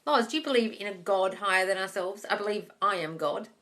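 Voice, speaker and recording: A woman's voice: medium pitch, a little fast, a bit bright. A woman hosting a live-stream Q&A as a manifesting coach, reading viewer comments aloud and replying bluntly, calling everyone darling. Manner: blunt, swears casually. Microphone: phone.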